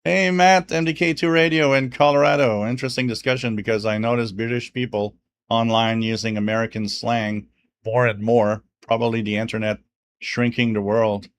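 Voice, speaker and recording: Slight background noise sits under this man's mid-range voice, which keeps fairly even intonation at a moderate pace. A native French speaker from French Canada, he hosts a livestream radio show, chatting casually, reading viewers' comments, and laughing often between fillers like "you know".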